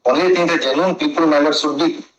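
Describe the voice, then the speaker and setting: Fast-talking pleading lawyer, echoey room. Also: male voice, fairly high pitch, fairly even intonation, lo-fi sound. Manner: insistent, then apologetic. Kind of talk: courtroom argument.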